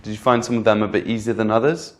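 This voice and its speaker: A man teaching English pronunciation in a clear, patient lesson, repeating example words and checking in with the learner. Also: lowish voice, steady tone, fast talker. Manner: patient, repeats each example word twice; addresses the learner directly with frequent "okay?". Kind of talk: slow, clear instructional lesson.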